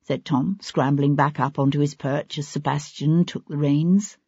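A woman narrating an audiobook in a steady, even storytelling manner. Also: low-pitched, a little slow, husky, dry recording, highs cut off.

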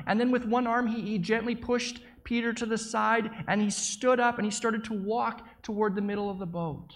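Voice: medium pitch, fairly even intonation, normal speed, few pauses, a bit bright. A preacher telling a story in the first person as an eyewitness, vivid and dramatic, with small stumbles and repeated words.

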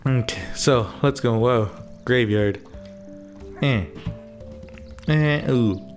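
A man's voice: mid-range voice, takes it slowly, faint music behind. A man giving laid-back, joking commentary while playing a video game. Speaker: gaming streamer. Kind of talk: casual let's-play commentary.

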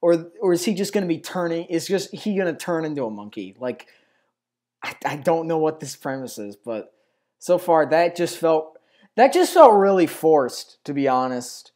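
A man's voice: a little high, lively intonation, normal speed, a little mellow. A man hosting a reaction video, reacting with incredulous exclamations. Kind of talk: casual reaction commentary.

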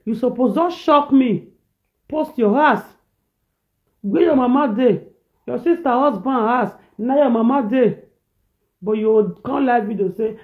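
A man's voice: extremely high pitch, a little slow. A man with a Nigerian accent ranting in a preachy, repetitive reaction video, switching between pidgin and a local language. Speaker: social media commentator. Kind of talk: animated reaction rant. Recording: tinny phone-like audio.

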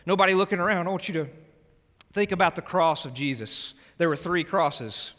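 Earnest pastor with a bright voice in a reverberant church. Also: male voice, high-pitched, moderate pace. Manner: earnest, pleading, swings from loud urging to hushed prayer. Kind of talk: sermon altar call. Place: church sanctuary. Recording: long church hall reverb with soft music.

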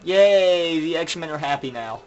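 A man's voice: fairly high pitch, fairly even intonation, moderate pace, dull audio, slight background noise. A man commenting sarcastically while playing a video game, mocking the characters and cheering himself on. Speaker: gameplay commentator. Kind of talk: sarcastic let's play commentary.

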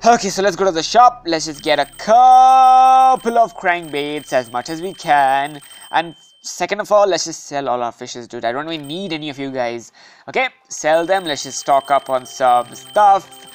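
A woman giving casual gameplay commentary, excitable and anxious, often calling out "dude". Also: sits low, moderate pace, smooth, soft background music. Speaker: gaming video host.

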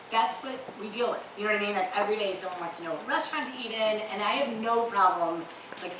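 A Chicago woman in her thirties performs stand-up on a theater stage, telling chatty, animated stories and laughing often in a mid-range voice. The recording sounds roomy, with the mic far away and the live audience audible.

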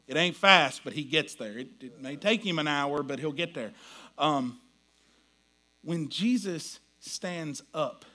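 Bright-voiced pastor preaching. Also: male voice, fairly high pitch, moderate pace. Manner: folksy storytelling, swings from hushed to loud acted quotes. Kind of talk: sermon.

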